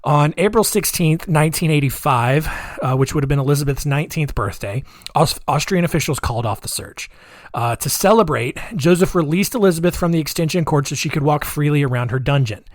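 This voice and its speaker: A man's voice: on the high side, a little fast, dry recording, clean studio sound. A man hosting a solo podcast, telling a crime story casually with many fillers and offhand asides. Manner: conversational, with filler-heavy asides. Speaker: podcast host.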